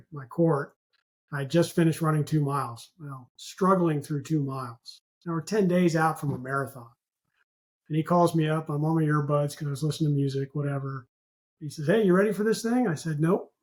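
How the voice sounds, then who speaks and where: A man's voice: a little high, a little mellow. A man in his fifties, a retired naval officer and podcast guest, telling his personal story earnestly and acting out what people said. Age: 50s. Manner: earnest, recounts with quoted dialogue.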